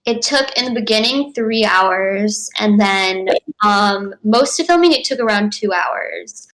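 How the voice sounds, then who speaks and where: A young actress answering interview questions in a bubbly, chatty way, full of "like" and "um" and quick laughs. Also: female voice, medium pitch, fairly bright tone, rough recording. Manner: bubbly, frequent 'like' and 'um', laughs often. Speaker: actress guest. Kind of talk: casual interview.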